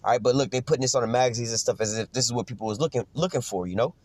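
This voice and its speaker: A man in his own casual commentary, talking fast and rambling through restarts. His voice sits at a middle pitch. His speech is slangy and peppered with profanity, and the recording is dry with no room sound. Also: darkish tone, dry recording. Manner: slangy and profane, keeps adding "man" and "you know what I'm saying".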